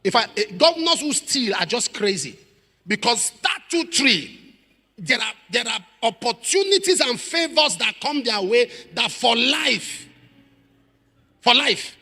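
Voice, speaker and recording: Male preacher, dramatic storyteller, lively high pitch, long hall reverb. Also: moderate pace. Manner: dramatic, acts out quoted voices, builds to shouted prayer. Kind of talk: sermon with storytelling. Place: church.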